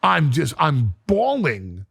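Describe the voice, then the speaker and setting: A man's voice: a little high, wildly swooping pitch, takes it slowly, creaky, a bit bright, slightly rough, dry recording, clean studio sound. A middle-aged man, a podcast guest, telling a story dramatically, repeating words and restarting as he acts out what people said. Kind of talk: animated storytelling in an interview. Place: podcast studio.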